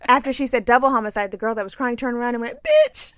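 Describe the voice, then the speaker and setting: A middle-aged woman co-hosting a casual chat, telling a story in an animated, profane way and acting out what people said. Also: fairly high pitch, racing, smooth. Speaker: podcast co-host.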